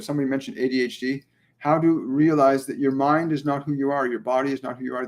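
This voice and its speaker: A male medium leads a livestream channeling session in a slightly high voice. He talks gently and soothingly, says phrases twice and fills pauses with ums. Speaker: spiritual medium hosting a live Q&A.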